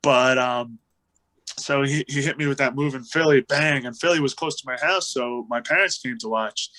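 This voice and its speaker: Bright-voiced man telling a story. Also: mid-range voice, moderate pace, poor audio. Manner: animated storyteller, acts out quotes, laughs often. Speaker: wrestler, interview guest. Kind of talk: casual storytelling interview.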